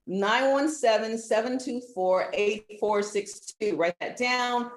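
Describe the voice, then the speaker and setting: A woman's voice: fairly high pitch, lively intonation, slow pace, few pauses. Chatty woman live-streaming in an echoey room. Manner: chatty, laughing, easily sidetracked. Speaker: livestream host. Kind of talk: casual live stream chat. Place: relative's house.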